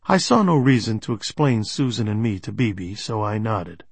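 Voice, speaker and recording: A man's voice: fairly low pitch, sing-song, moderate pace, creaky, slightly rough, no room sound. A man narrating a first-person crime novel in a dry, understated way. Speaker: audiobook narrator.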